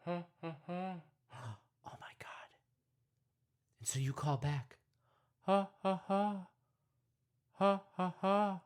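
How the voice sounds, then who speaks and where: A man leading a parody guided meditation, rambling with constant "you know" and "right?", sometimes dropping to hushed whispers. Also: a little high, husky. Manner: drops to hushed whispers at times.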